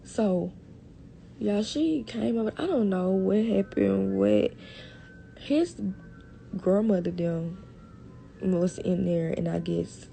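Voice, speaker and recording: A young woman telling a story casually on a livestream, animated, talking to her viewers as y'all and swearing a lot. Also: mid-range voice, slow, vocal fry, long pauses, faint music behind. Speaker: live streamer.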